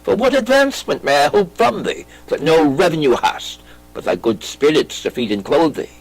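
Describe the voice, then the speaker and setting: A man reading a classic play aloud, voicing a brooding, intense young prince with lively theatrical delivery. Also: a little high, normal speed, rough recording. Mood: earnest. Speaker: audiobook reader.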